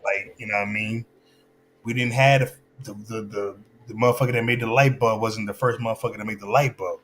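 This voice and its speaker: A man's voice: on the low side, fairly even intonation, brisk, a bit bright, slight background noise. A man in casual chat, talking loosely and stopping to find where his thought was going. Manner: loose, searching, loses his train of thought.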